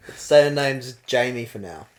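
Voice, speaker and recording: A young man from New Zealand with a New Zealand accent, co-hosting a podcast and telling a story in casual chat, getting animated and laughing as it goes. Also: mid-range voice, a little slow, a crowd in the background. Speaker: podcast co-host.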